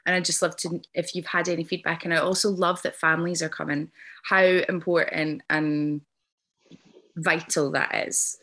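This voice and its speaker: A woman's voice: low voice, little pitch movement, normal speed, bright, forceful tone. A woman hosting a podcast interview, talking earnestly and effusively with many ums and restarts. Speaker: podcast host. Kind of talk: casual interview chat.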